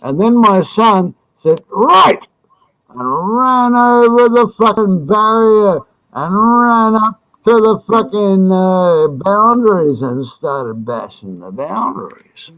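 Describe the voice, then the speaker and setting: A man's voice: high-pitched, animated, slow, dry recording, muffled recording. A man on a podcast telling a rambling, profane story and acting out the quotes. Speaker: podcast co-host. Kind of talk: casual chat, telling a story.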